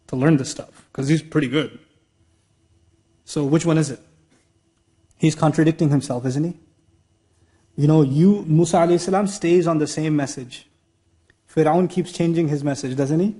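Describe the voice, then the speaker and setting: A man teaching a religious lecture. He is animated, asks rhetorical questions and acts out bits of dialogue. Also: on the high side. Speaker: Islamic teacher. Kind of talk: lecture sermon.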